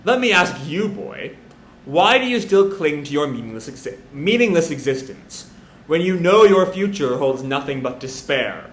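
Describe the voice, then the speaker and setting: A man voicing a cold, taunting male alien being in a slow, low reading. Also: sing-song, a bit bright. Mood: menacing. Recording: roomy echo.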